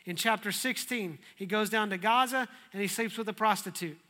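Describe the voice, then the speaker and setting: A man preaching a sermon, telling the story in a lively, humorous way. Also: high-pitched, fairly quick. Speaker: pastor.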